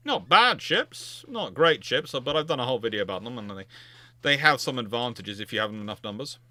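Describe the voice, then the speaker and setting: A man's voice: medium pitch, very animated, fairly quick, bright, forceful tone. A man hosting a naval history livestream, answering viewer questions in a chatty, emphatic way, thinking aloud with frequent restarts. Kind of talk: casual livestream Q&A.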